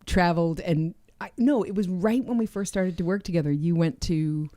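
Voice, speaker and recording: A woman co-host chatting casually on a podcast, telling stories in an animated, conversational way. Her voice is mellow, dark and somewhat low. The recording is close and dry. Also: moderate pace, dry recording.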